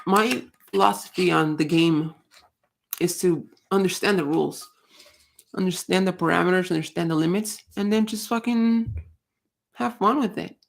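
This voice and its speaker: Hosting a casual livestream, a woman rants bluntly, swears often, and rambles with frequent restarts. Her voice sits on the low side with vocal fry, and she keeps a moderate pace.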